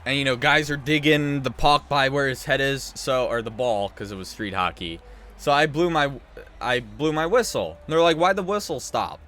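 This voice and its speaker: A man's voice: mid-range voice, normal speed, a bit bright. Rambling man telling a story over gameplay. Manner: rambling, emphatic, restarts sentences. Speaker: gaming channel host.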